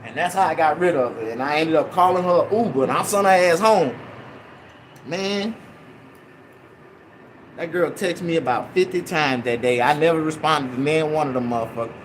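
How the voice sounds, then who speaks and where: A young man casually telling a rambling, profane story in an animated way. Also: on the high side, moderate pace, a little hiss or hum. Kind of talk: casual anecdote.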